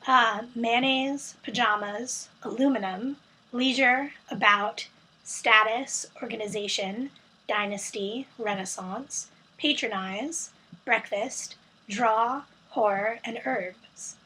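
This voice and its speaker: Young NYC woman, rambling casual vlog read, breathy and a touch high. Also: takes it slowly, sharp tone, rough recording. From United States. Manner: chatty, rambling, lots of ums and self-corrections. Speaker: vlogger. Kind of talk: casual accent-challenge vlog, reading a word list.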